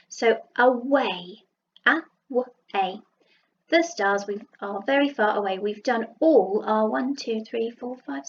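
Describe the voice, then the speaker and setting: A woman with a Southern English accent teaching a phonics lesson to young children, sounding out letters slowly and praising them. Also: a little high, muffled recording, slight background noise. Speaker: primary school teacher. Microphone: computer mic while writing with a mouse.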